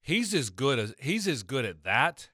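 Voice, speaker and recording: A man hosting a sports talk show, talking football in an animated, rambling way with many restarts. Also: medium pitch, a little slow, husky, no echo, clean studio sound. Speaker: sports radio host.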